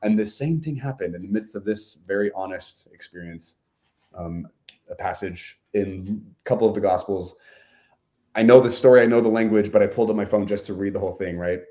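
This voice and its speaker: A man's voice: on the low side, fairly quick, dark tone. A man, a podcast guest, telling a personal story in earnest conversation, often saying "like" and "right?".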